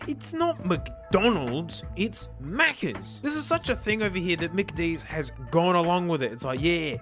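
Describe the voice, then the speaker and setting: A man with a South Australian accent hosting a casual comedic vlog, energetic and slangy, saying "mate" constantly. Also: sits high, a little slow, over music. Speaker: video host.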